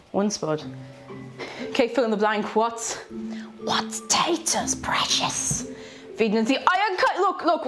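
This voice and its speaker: Chatty Irish woman streaming. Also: on the high side. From Ireland. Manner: chatty, self-mocking, greets viewers by name. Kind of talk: casual cooking livestream chat. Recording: faint background music.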